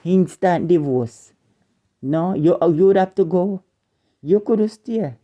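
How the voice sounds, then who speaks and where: A woman's voice: lowish voice, measured pace, dark tone, lo-fi sound. A woman with a Jamaican accent delivering an indignant scolding rant as an online commentator, repeating and stumbling over her words.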